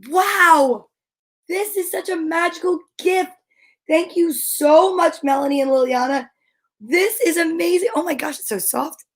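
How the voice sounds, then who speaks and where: High-pitched lady doing a kids show, slow and gushy, lots of excited gasps. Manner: gushing, excitable, frequent gasps. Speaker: children's show host. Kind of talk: enthusiastic talk to young viewers.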